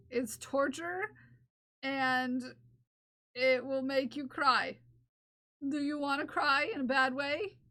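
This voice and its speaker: A woman's voice: sits high, pushed and bright. A young woman streaming live and chatting with viewers in a playful, teasing way, laughing often, recorded on close microphones. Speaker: livestreamer who crochets. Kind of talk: casual livestream chat reading viewer comments. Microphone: close ASMR microphones.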